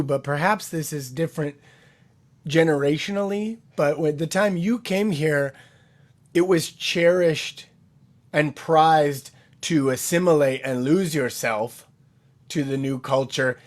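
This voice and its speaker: Man, co-host, slightly high pitch, slow and thoughtful in casual conversation. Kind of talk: casual chat.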